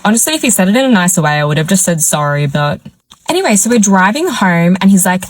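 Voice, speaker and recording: A woman's voice: medium pitch, quick pace, rough recording. A young woman telling a dating storytime, acting out what people said along the way. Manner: animated, acts out quoted dialogue. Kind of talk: storytime vlog.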